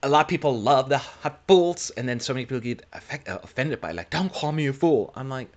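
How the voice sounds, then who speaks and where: Brief: male co-host, casual, jokey live-stream chatter, mid-pitched. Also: animated, fast talker. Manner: chatty, jokey, reads viewer questions. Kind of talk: casual chat.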